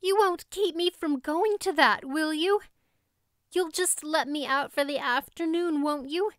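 Woman doing a high pleading young girl. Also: measured pace, no echo, clean studio sound. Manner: pleading, breathless, high and urgent.

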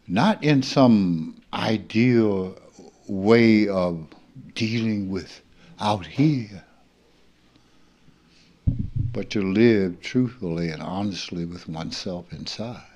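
A man in his seventies from rural Mississippi, giving an earnest, reflective spiritual talk as a teacher who sometimes drops to a near-hush. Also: fairly low pitch, slow pace, pauses often. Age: 70s.

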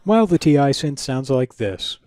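A man's voice: mid-range voice, big pitch swings, normal speed, warm tone, a little hiss or hum. A man hosting a retro computing channel, narrating a scripted review in a dry, wry, analytical way.

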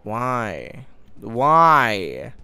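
A young man talks his way through a horror game at a very slow, drawn-out pace. His pitch swings widely as he mutters to himself and breaks into startled outbursts. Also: very animated, sharp tone, smooth, dry recording. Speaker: gaming YouTuber.

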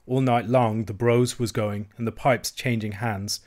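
A man reads a classic novel aloud as its narrator. His delivery is steady and measured, and his voice sits in an ordinary middle pitch. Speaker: audiobook reader. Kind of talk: scripted narration.

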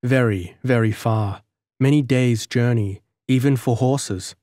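An earnest young man from a storybook, a tender traveller far from home, read by a man in his own voice. He speaks calmly and sincerely at a middling pitch, recorded dry and close. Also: measured pace, no echo, natural voice. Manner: calm, gentle and sincere. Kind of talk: audiobook character reading.

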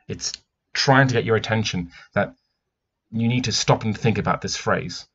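Husky and a bit bright, this man's fairly low voice moves at a moderate pace as he reads a picture book aloud and reflects on it like a teacher. He muses as he goes, frequently starting over, on a dull lo-fi recording.

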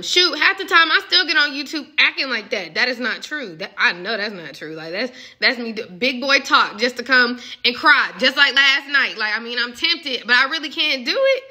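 A woman's voice: high-pitched, sharp tone. A young woman giving a casual, emotional spiritual message reading as a love coach. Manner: emotional, musing, conversational.

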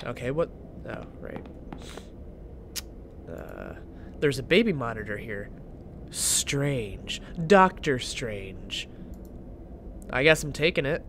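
A man's voice: mid-range voice, sing-song, takes it slowly, gravelly, pauses often, background noise. A young man commentating a horror game he is playing, joking around, swearing and yelping at the scares. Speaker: gaming channel host.

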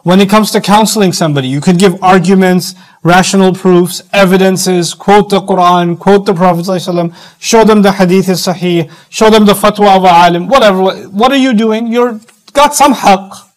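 A middle-aged man giving a sermon-style lecture, animated, acting out quoted voices as he teaches. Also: high voice, brisk, few pauses, rough recording. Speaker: Islamic speaker.

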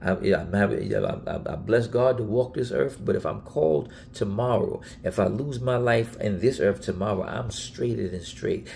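Gravelly low-voiced man preaching. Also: normal speed, hardly any pauses, darkish tone, a little hiss or hum. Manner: earnest, repetitive, emphatic, with many restarts. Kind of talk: casual Bible teaching video.

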